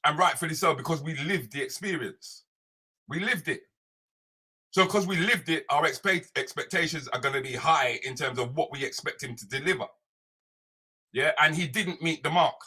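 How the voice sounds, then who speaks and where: A man's voice: fairly high pitch, moderate pace, pushed and bright, slightly rough. A British comedian ranting on a live show, repeating his points and asking "yeah?" and "right?" constantly. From Britain. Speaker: comedian and social commentator hosting a live show. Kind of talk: animated solo rant. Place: home, streaming live online.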